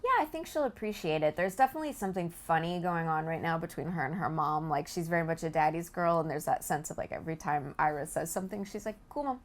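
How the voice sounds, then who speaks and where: An actress being interviewed, bubbly and giggly, acting out quotes with lively energy. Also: female voice, deep voice, fast talker, hardly any pauses. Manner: bubbly, giggly, animated quoting. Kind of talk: casual interview chat.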